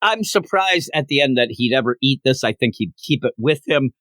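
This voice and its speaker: A man's voice: mid-range voice, dry recording. A man co-hosting a comic book podcast, retelling scenes in a casual chat and acting out the characters' lines. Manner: animated, acts out characters' lines in quick voices. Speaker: podcast co-host.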